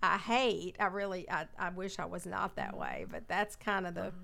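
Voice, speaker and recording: A middle-aged mother visits her daughter's podcast and talks casually. She has a bright tone and speaks in a soft, halting way, pausing as she picks her words. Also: fairly low pitch, very animated, gravelly. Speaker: guest parent.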